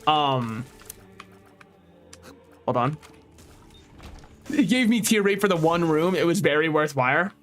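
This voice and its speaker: A young man from Maryland giving casual gameplay commentary as a streamer, full of sardonic, dark deadpan jokes. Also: a little high, takes it slowly, long pauses. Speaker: VTuber streamer. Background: faint game music.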